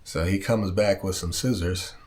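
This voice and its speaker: A man's voice: deep voice, fairly even intonation, moderate pace, darkish tone. A man from Southern California telling a personal story in a casual vlog, rambling, swearing and backtracking as he goes. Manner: rambling, profane, backtracks often. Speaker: vlogger.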